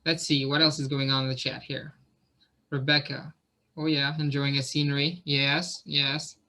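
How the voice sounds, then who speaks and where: A man's voice: medium pitch, little pitch movement, normal speed, sharp tone. A man coaching a group on a video call, talking in an encouraging, conversational way. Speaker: fitness coach.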